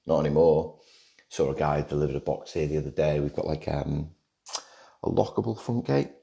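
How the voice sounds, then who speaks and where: A man with a very low, gravelly voice and a dark, mellow tone hosts a casual solo podcast. He talks in a loose, rambling way and drops joking asides along the way. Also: big pitch swings, moderate pace. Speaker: podcast host. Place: home in Australia.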